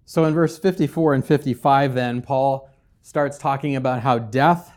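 A man preaching a sermon as pastor, swinging between loud, emphatic scripture reading and quiet, conversational asides with humor. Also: medium pitch, measured pace. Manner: conversational, with casual fillers and humor.

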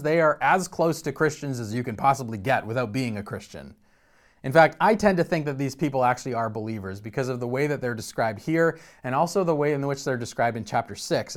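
Man teaching a conversational sermon. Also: medium pitch. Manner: conversational teaching, frequent restarts and repeated words. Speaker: pastor.

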